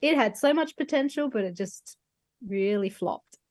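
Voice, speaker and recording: A woman co-hosting a podcast in casual chat, laughing often and dropping into quiet asides. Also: medium pitch, expressive, moderate pace, dry recording. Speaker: podcast co-host.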